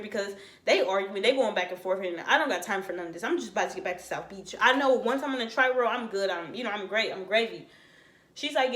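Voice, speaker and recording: A young woman from Florida telling a casual storytime, slangy and animated, acting out what other people said. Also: a little high, moderate pace. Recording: echoey room.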